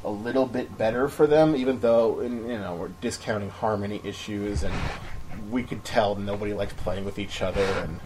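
A man with a lowish, steady voice at normal speed co-hosts a podcast against a noisy background. His casual sports chat is opinionated about basketball and rambles with many restarts.

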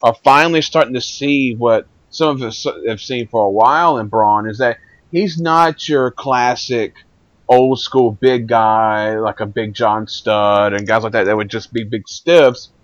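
A man's voice: mid-range voice, measured pace, no room sound, muffled recording. A man with a mid-range voice hosts a casual chat, stumbling over repeated words as he sets up questions for his guests. The recording is dry, with no room sound.

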